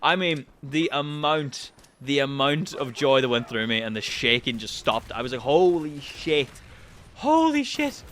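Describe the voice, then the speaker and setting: Young man, casual vlog storyteller with a bright, forceful voice; animated, swears a lot, spikes high when excited. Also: normal speed, slight background noise. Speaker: channel host.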